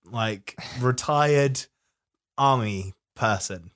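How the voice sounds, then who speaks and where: A man's voice: mid-range voice, drawn-out words, a bit bright. A man co-hosts a film podcast in casual conversation. He is chatty and easily amused, and often restarts his sentences as he hunts for words. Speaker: podcast co-host. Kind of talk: casual chat.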